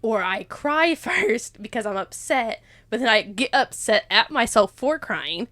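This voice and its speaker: A woman's voice: a little high, animated, unhurried, sharp tone, no room sound. A young woman, rambling and emotional as she opens up in a casual faith chat, laughing often. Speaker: podcast co-host.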